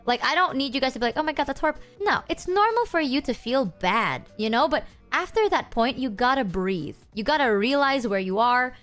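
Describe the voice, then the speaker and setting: Lively young woman streamer, candid chat. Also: sits high, moderate pace, few pauses, faint music behind. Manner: candid, swearing, joking self-mockery. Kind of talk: casual livestream chat.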